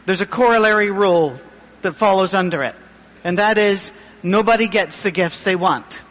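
A middle-aged man pastor giving a humorous, self-deprecating sermon with a thin, high voice. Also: normal speed, a bit bright, long reverb tail.

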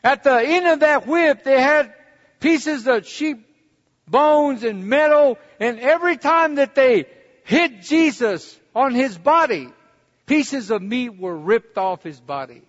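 A man's voice: very high voice, animated, takes it slowly. A man preaching a sermon, telling his own story in a conversational way and building to fervent preaching. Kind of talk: sermon with personal testimony. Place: church hall. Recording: dull recording in a reverberant hall.

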